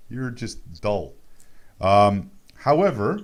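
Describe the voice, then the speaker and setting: Canadian guy hosting fantasy sports radio, kinda low voice, goofy and joking around. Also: very animated, slow. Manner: playful, goofy tangents. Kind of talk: casual sports radio chat.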